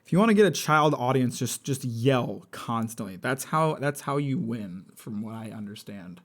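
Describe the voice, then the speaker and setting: A young man chatting casually on a live stream, rambling, blunt and profane with a sardonic edge. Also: mid-range voice. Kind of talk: casual live-stream chat while building a model kit.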